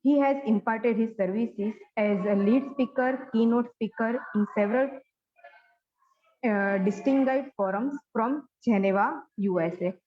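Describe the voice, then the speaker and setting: A woman's voice: fairly high pitch, unhurried, lo-fi sound. A woman with an Indian English accent formally introducing a guest speaker, reading from a prepared introduction.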